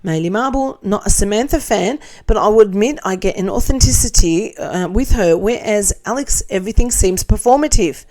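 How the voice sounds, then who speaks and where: A middle-aged Australian woman in a casual commentary chat, reading viewer comments aloud. Her voice is mellow and warm, at a middle pitch. She throws in blunt, sarcastic asides and laughs between lines. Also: normal speed, few pauses.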